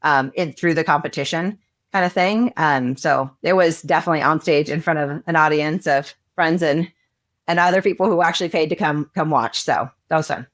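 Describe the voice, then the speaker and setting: Woman, podcast guest, lowish voice, chatty, expressive, casual interview talk. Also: fairly quick.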